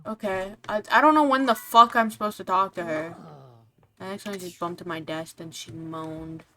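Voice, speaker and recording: A woman's voice: lowish voice, steady tone, normal speed, bright, forceful tone. A woman streaming a game, reacting aloud in blunt, swear-laden casual commentary.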